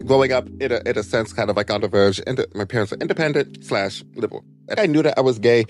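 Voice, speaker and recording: A young American man vlogging his life story, expressive and dramatic, jumping into high voices. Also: quick pace. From United States. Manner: animated, dramatic, leaps into high voices for quotes. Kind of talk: personal storytelling monologue.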